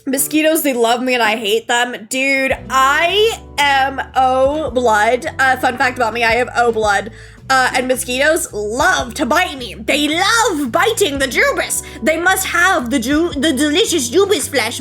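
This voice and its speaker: A young woman streaming, chatting casually and reading chat, giggly and bubbly, jumping between squeals and low mumbles. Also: bright, forceful tone. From United States. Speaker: VTuber streamer.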